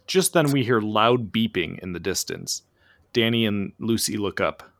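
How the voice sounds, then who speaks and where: A man's voice: lowish voice, expressive, unhurried, a bit bright. A man narrating an improvised comic story, setting scenes like a screenplay.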